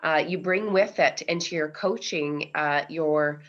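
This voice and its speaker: A woman with a low voice hosts an interview, speaking in a conversational way with many fillers. The sound is muffled and lo-fi. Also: measured pace. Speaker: podcast host. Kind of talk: interview hosting. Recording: dull lo-fi sound.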